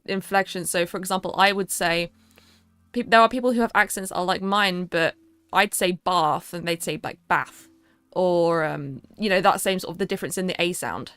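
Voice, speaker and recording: A woman's voice: fairly low pitch, fairly quick, fairly bright tone, smooth, no echo. A young woman with a southern English accent, chatting casually and rambling with a lot of fillers on a livestream. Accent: southern English, London area. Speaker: streamer.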